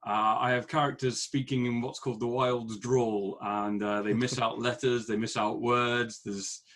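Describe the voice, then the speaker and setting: A man who writes books, co-hosting a casual podcast about writing. He stammers as he starts his points and grows animated when a point bothers him. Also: mid-range voice, moderate pace. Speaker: author, podcast co-host.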